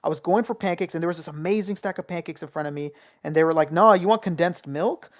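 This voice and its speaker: A podcast co-host telling a story in an animated, casual way with plenty of swearing. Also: mid-range voice, racing. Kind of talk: casual chat.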